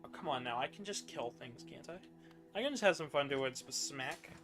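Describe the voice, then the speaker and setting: A young man chatting casually while playing a video game, animated and swearing now and then. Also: mid-range voice, moderate pace, faint music behind. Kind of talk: casual chat while gaming.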